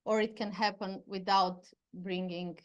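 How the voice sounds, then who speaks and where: A woman's voice: medium pitch, level tone, unhurried. A woman, a musician, asking interview questions while searching for words. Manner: searching for words, many fillers.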